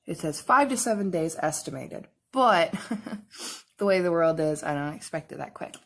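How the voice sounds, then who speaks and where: A woman's voice: low voice, expressive, moderate pace, gravelly, a bit bright. A young woman chatting casually while she does her makeup, rambling along with lots of "like" fillers. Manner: rambling, full of "like" fillers and laughs. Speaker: makeup and cosplay vlogger.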